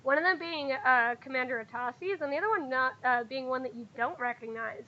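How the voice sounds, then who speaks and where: A woman's voice: sits high, fairly quick, bright, forceful tone, highs cut off. A young woman running a tabletop game as game master, narrating casually and rambling with lots of fillers.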